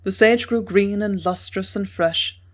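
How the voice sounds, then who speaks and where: A woman narrating a classic Western novel in a measured reading style. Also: medium pitch. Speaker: audiobook narrator. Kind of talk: scripted narration.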